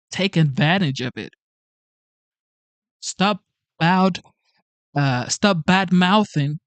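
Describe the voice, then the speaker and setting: On his political commentary channel, a US-naturalized immigrant delivers a forceful, slang-heavy rant, hammering the same punchlines more than once. His pitch is medium, and the recording has no echo.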